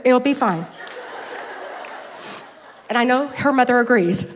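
A woman's voice: fairly high pitch, expressive, unhurried, a faint crowd, slight background noise. A woman in her fifties giving a conference talk in a chatty, self-deprecating way, holding back tears as she tells funny personal stories. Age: 50s. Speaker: conference speaker. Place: large hall with stage. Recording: long hall reverb.

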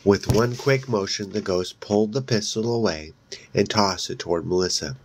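A man's voice: lowish voice, a little hiss or hum. A man reading a horror novel aloud in a casual way, with slips and restarts along the way. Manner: reads slowly, with slips and restarts. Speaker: audiobook reader. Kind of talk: casual read-aloud narration.

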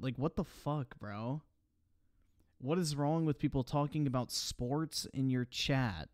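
A man's voice: medium pitch, expressive, normal speed, a little mellow, no room sound, studio quality. A man doing casual livestream commentary on clips, mocking and sarcastic, swearing freely while reading out chat donations. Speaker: streamer reacting to clips.

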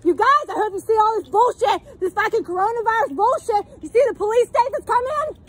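A woman yelling defiantly at a police officer in a public park, her voice growing sore from shouting. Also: very high-pitched, fairly quick. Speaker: mother filming a police encounter. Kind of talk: heated confrontation.

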